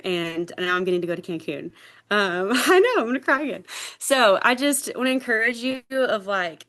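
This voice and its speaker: A woman's voice: on the low side, a bit bright. Rambling woman on a group video call. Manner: rambling, lots of "like" and "um", gets teary. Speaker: sales team member sharing her story. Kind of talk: casual talk on a group call.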